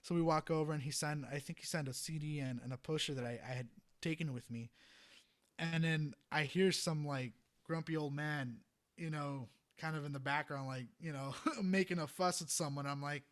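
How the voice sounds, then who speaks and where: A young man with a somewhat high voice recounts his past as a podcast guest. His delivery is casual and animated, full of fillers and quick laughs. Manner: animated, rambling, laughs often, many "you know" fillers. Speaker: guest, freelance trumpet player. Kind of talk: casual storytelling in a podcast interview.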